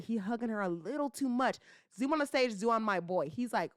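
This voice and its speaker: A young woman hosting a casual commentary podcast, talking in slangy, animated bursts full of rhetorical questions and teasing. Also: on the high side, fairly quick, no echo, studio quality. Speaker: podcast host.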